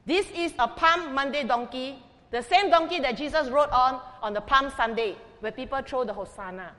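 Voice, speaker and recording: A woman pastor preaching an emphatic sermon, swinging between loud declarations and quiet asides. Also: sits high, normal speed, in a large hall. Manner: emphatic, with big swings in loudness.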